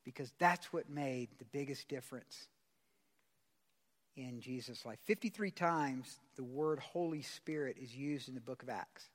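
A man's voice: medium pitch, a little slow. A man pastor preaching a sermon in a church service. He talks casually, uses slang and puts questions to the congregation. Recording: long hall reverb.

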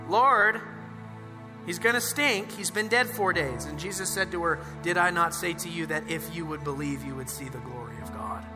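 Impassioned male pastor, reverberant church hall. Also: on the high side. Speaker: pastor preaching a sermon. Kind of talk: sermon. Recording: long hall reverb with music behind.

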